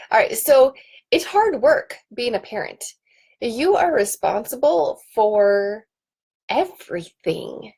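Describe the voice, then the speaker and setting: A woman's voice: fairly high pitch, vocal fry, a little mellow, husky. A woman in her thirties hosting a casual home live stream, chatting in a rambling way with ums and restarts, into a computer webcam. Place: home office.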